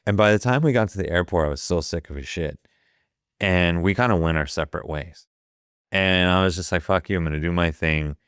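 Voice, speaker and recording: Deep-voiced man in his fifties, swearing storyteller. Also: brisk, a bit bright, clean tone, no echo, studio quality. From Ohio. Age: 50s. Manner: profane, vivid retelling that acts out the quoted dialogue. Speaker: guest, photographer. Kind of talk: casual storytelling.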